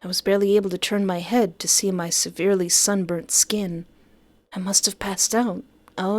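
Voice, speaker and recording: Animated woman reading a horror game aloud. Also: medium pitch, moderate pace. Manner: animated, jokey, dramatic outbursts. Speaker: gamer playing a horror visual novel. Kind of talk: let's play, reading aloud with reactions.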